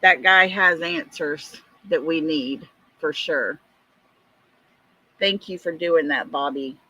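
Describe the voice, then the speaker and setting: Woman, livestream host, winded, slow and bright, dry close mic. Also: deep voice, slightly rough, dry recording, poor audio. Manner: chatty, greets viewers by name. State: out of breath. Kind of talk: casual livestream chat.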